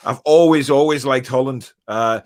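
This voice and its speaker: A man's voice: mid-range voice, normal speed. A man, hosting a casual football chat, reading out viewer comments and telling jokey stories between plenty of fillers. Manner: chatty, jokey storyteller, frequent fillers.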